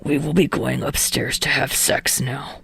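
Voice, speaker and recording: A woman's voice: a bass voice, fairly even intonation, a little slow, vocal fry, slight background noise, voice pushed down, full character voice. A woman voicing a foul-mouthed, furious teenage boy student hero in a podfic reading, blunt and crude. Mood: deadpan. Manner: crude, blunt, shouting in anger.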